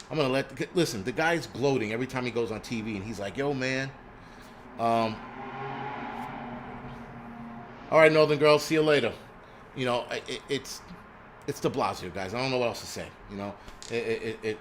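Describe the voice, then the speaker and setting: A man's voice: fairly low pitch, fairly bright tone, slight background noise. Angry profane man ranting at home. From New York City. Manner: angry, profane and blunt, with many restarts and stammers. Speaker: host of a prepping live stream. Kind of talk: profane ranting live stream.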